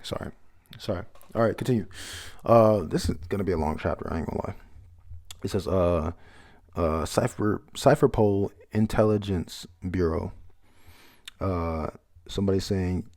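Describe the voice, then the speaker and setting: A man with a fairly low, mellow voice talks through a comic chapter in loose, rambling chat. He swears casually and reads panels aloud as he goes. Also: normal speed, pauses often. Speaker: manga chapter reviewer.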